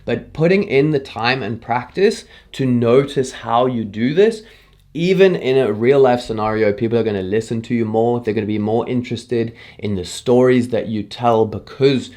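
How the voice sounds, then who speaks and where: A man talking straight to camera in a casual tutorial. He sounds relaxed and chatty, and he shifts his speed and emphasis to drive his points home. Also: mid-range voice, moderate pace. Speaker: YouTube creator teaching on-camera presenting.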